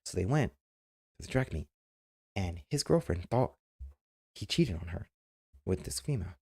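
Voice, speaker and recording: A man's voice: low-pitched, lively intonation, moderate pace, gravelly, a little mellow, husky. A man streamer giving casual, emphatic advice, repeating himself and acting out quoted remarks. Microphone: webcam mic.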